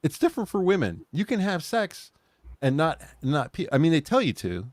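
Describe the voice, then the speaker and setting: A man's voice: a little high, wildly swooping pitch, moderate pace, darkish tone, no echo. A man co-hosting a podcast in loose, rambling chat, cracking jokes and laughing at his own asides. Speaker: podcast co-host. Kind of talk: casual chat.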